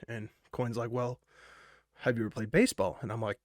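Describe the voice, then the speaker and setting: A man's voice: mid-range voice, animated, fairly quick, gravelly, dry recording, studio quality. A young man casually telling a personal story, rambling and swearing a lot, full of fillers, wired on energy drinks. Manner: rambling and profane, with many fillers.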